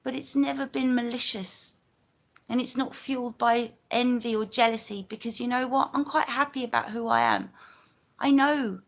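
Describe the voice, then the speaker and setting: A woman's voice: on the high side, lively intonation, moderate pace. A woman from London with a London accent, talking in a rambling, chatty way on a casual live stream, full of asides.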